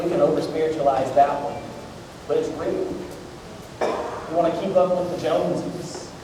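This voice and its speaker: A man in his thirties preaches with a high, light voice. He tells jokes and keeps asking the crowd questions. He is heard from far off in a big hall with a long, ringing echo. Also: mellow, a little hiss or hum. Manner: joking storyteller, talks to the crowd. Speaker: pastor. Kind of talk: sermon. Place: large church auditorium. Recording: echoey hall recorded from far off.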